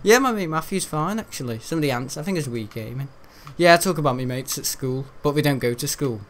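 A man's voice: fairly high pitch, expressive, quick pace, fairly bright tone. A teenage young man giving rambling, chatty let's-play commentary while he plays, often laughing. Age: teens. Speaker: gaming video host.

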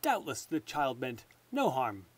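A man voicing a pampered, naive king who speaks in excitable exclamations. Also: mid-range voice, measured pace, husky, exaggerated voice. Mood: indignant.

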